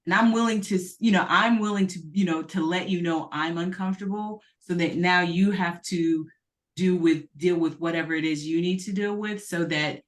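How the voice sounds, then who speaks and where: A woman from the United States with a lowish voice speaks as a panel guest. She talks earnestly, sharing personal anecdotes and often restarting her sentences. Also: fairly even intonation, normal speed. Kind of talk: panel discussion.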